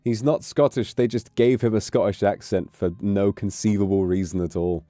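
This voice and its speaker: A man's voice: on the low side, moderate pace, dry recording, studio quality. A man with an English accent, chatting casually and jokingly on his stream. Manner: rambling, joking, animated. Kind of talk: casual chat.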